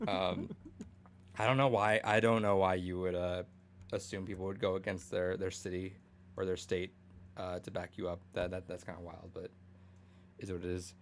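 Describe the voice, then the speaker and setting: A man's voice: sits low, flat delivery, normal speed, pauses often, slight background noise. A young man co-hosting a podcast in casual chat, rambling with many fillers, restarts and swearing. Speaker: podcast co-host.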